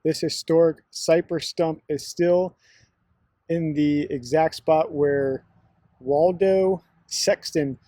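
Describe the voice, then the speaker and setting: A man's voice: a little high, steady tone, takes it slowly, mellow, no room sound. A man chatting casually in a travel vlog, telling stories with little laughs, first in a car and then walking outdoors through a garden. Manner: chatty storyteller, laughs while telling anecdotes. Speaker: travel vlogger.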